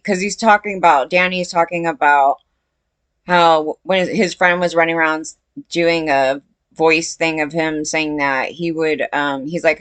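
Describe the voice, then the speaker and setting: A woman with a fairly low voice talks casually to her viewers, wandering from thought to thought. She trips over restarts and fillers and keeps admitting she doesn't know. The sound is dry, with no room around it. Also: unhurried, fairly bright tone, clean tone, no room sound. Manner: rambling, full of fillers and self-corrections; questioning, unsure, often says she doesn't know. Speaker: commentary vlogger. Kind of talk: casual commentary to camera.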